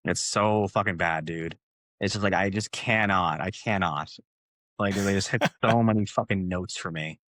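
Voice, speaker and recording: A man with a Cape Breton accent co-hosting a fitness podcast, swearing constantly as he tells animated stories in casual chat. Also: low voice, normal speed, dry recording, studio quality. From Canada, Cape Breton. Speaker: fitness coach, podcast co-host.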